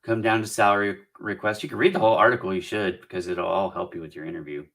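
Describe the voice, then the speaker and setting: A middle-aged man with a slightly low, gravelly voice and a bright, forceful edge to his tone. He hosts a casual live Q&A on job hunting, thinking aloud and encouraging viewers as he works through their comments. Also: fairly even intonation, fast talker. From Southern California. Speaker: career coach hosting a live Q&A.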